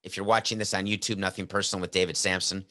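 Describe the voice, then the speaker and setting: A man's voice: low-pitched, level tone, fast, bright, forceful tone. A middle-aged man hosting a sports talk show, joking and sarcastic, full of rhetorical questions, talking into a headset mic. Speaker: podcast host. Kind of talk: casual sports talk monologue.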